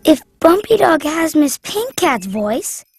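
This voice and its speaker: A woman's voice: high voice, very animated, slow pace, music in the background, exaggerated voice. Noddy, a chirpy cartoon boy. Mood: eager. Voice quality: bright, chirpy, childlike. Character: cheerful little wooden boy, helpful and eager. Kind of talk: cartoon voice acting.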